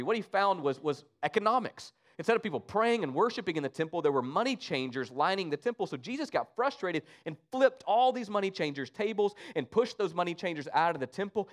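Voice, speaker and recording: A man preaching an Easter sermon, swinging between loud emphasis and soft, low asides. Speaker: pastor.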